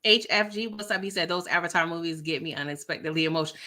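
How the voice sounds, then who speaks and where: A middle-aged woman, hosting a casual livestream chat and reading out viewer comments, animated and laughing often. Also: on the low side, fast talker.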